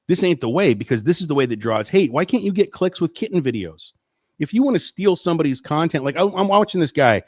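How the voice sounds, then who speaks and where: A man's voice: medium pitch, dry recording, clean studio sound. A man hosting a live stream, ranting in a profane, exasperated and rambling way. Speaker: host.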